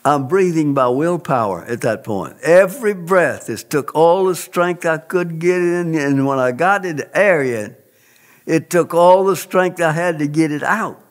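A man's voice: a little high, animated, a little slow. A man telling a personal testimony in an interview, speaking in an earnest, emphatic, preacherly way.

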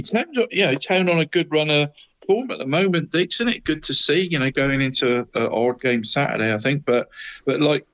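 A man's voice: fairly high pitch, a bit bright, rough recording. A man co-hosting a casual football chat, tagging "mate" onto almost every phrase. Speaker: podcast co-host.

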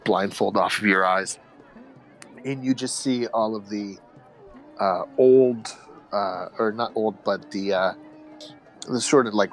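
A young man narrating a tabletop game as game master, relaxed and descriptive with fillers. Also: on the low side.

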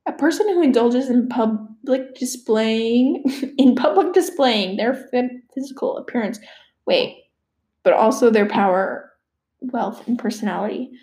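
A woman's voice: on the high side, unhurried, warm tone. A teenage girl chatting casually on her own, rambling and swearing with laughing asides. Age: teens. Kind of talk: casual solo chat. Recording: echoey room.

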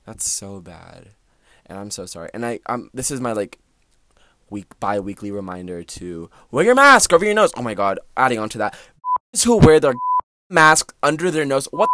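A man's voice: mid-range voice, normal speed. A teenage boy hosting his own podcast from a small closet, rambling casually with lots of fillers. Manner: rambling, filler-heavy, animated. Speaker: podcast host. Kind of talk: casual solo podcast chat.

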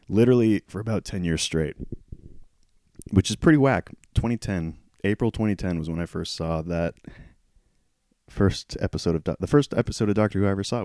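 A man hosting a solo podcast, talking candidly in a casual, self-deprecating way, often clearing his throat as he loses his voice. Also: deep voice, mellow, no room sound, studio quality. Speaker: podcast host.

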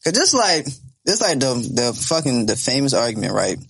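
A young man in his twenties with a husky, slightly rough voice, co-hosting a casual podcast. His delivery is lively and animated, jumping up and down in pitch as he tells stories and argues his point with plenty of swearing. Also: moderate pace. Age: 20s. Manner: animated storytelling, swearing, laughs. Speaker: podcast co-host. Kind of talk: casual chat.

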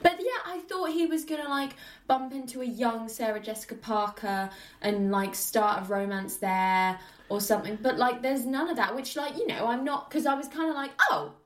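Chatty woman, high voice, echoey room. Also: moderate pace. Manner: animated, acts out characters, laughs often. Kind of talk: casual film review chat.

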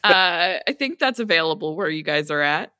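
A woman's voice: low-pitched, animated, normal speed, bright, forceful tone, dry recording, clean studio sound. A woman guest on a podcast, chatting casually and self-deprecatingly, often stumbling over her words. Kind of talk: casual chat.

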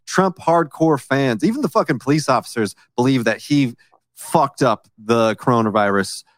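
A man co-hosting a casual political podcast, talking in an animated way, swearing and mocking what others say. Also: mid-range voice, moderate pace, no room sound, studio quality. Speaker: podcast co-host.

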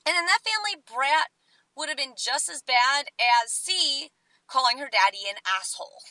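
High, bright young woman telling stories. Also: normal speed, no room sound, poor audio. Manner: chatty and animated, acting out quotes. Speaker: vlogger. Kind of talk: storytelling vlog.

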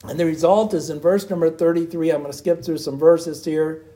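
Man, preacher, sermon, emphatic repetition, mellow dark tone. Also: on the high side, steady tone, a little fast.

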